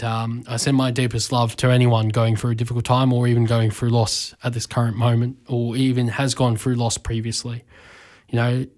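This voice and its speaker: A man, hosting a community radio talk show, speaking emotionally and haltingly with many fillers and restarts, his voice breaking with grief. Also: medium pitch, darkish tone. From Australia. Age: 20s. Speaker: radio host.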